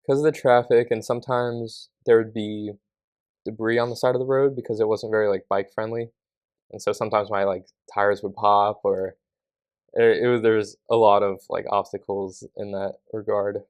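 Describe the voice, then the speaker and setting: A young man speaks in a fairly low voice as a podcast guest. He answers earnestly and casually, leaning on filler words. The sound is dry and close. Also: flat delivery, moderate pace, no echo. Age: young adult.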